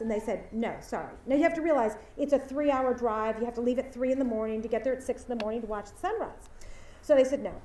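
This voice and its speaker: A woman's voice: a little high, darkish tone, slight background noise. A woman giving a graduation speech, telling a story and acting out the voices of its people. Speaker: commencement speaker. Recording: echoey hall from far off.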